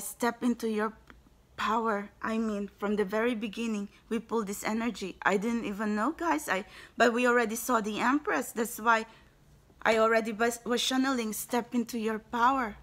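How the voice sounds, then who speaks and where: A woman doing a spiritual card reading, her voice bright and a little high. She talks in a gushing, exclamatory way, calling her viewers guys and bursting up in excitement. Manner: effusive, exclaims and repeatedly says guys. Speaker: tarot card reader.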